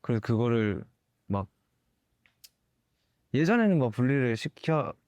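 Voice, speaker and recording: A young man, a singer, giving candid interview answers in a thoughtful, halting way with soft laughs. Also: mid-range voice, sing-song, no room sound, dull audio.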